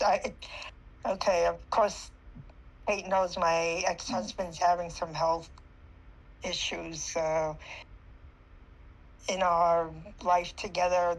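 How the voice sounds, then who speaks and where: Brief: woman participant, low voice, slow and hesitant, emotional and near tears. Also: low-quality recording. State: close to tears. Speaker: podcast participant sharing an experience. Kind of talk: casual chat.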